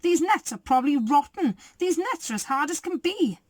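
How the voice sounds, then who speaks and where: A woman voicing a greedy, swaggering male highway robber rat in a storybook, chanting his boasts. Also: very animated, normal speed, no room sound. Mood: boastful. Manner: boastful, bossy, sing-song chant.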